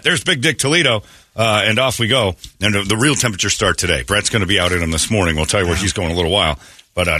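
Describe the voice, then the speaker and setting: A man's voice: lowish voice, a little hiss or hum. A man hosting a morning radio show, telling a story in casual banter with frequent laughs. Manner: animated storytelling, laughing often. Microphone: studio mic.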